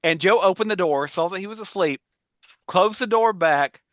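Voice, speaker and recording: A man's voice: high voice, normal speed, no room sound. A man in his forties, a podcast co-host, telling stories animatedly in casual chat and laughing often.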